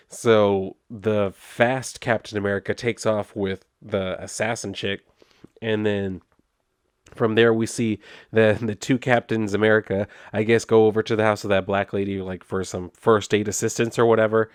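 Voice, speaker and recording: A man's voice: on the low side, little pitch movement, normal speed, smooth, dry recording, studio quality. A man recapping and reviewing a comic book in a casual, rambling way, sarcastic and exasperated with the story.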